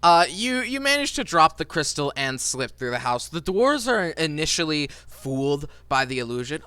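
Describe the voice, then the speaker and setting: A man narrating as game master of a tabletop game, halting with many fillers. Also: on the high side, big pitch swings, bright, forceful tone, smooth, no room sound.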